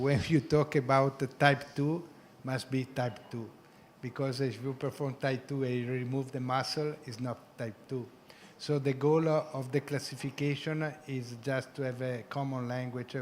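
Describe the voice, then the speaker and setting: Panel surgeon, male, halting, explains with lots of pauses, mid-pitched. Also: a little hiss or hum. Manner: halting, many pauses and fillers. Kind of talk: panel discussion.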